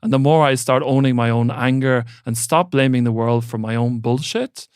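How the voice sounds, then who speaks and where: A man's voice: medium pitch, moderate pace, clear, resonant tone, dry recording, clean studio sound. A man who works as a mentor and coach, speaking as a podcast guest in a thoughtful, grounded way with casual swearing. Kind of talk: reflective conversational talk.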